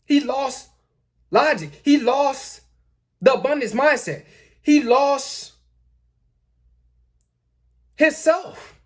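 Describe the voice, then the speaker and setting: A man's voice: extremely high pitch, expressive, drawn-out words, long pauses. A man hosting a dating-advice talk, lecturing emphatically, repeating his points and addressing his viewers as guys. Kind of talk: lecturing commentary.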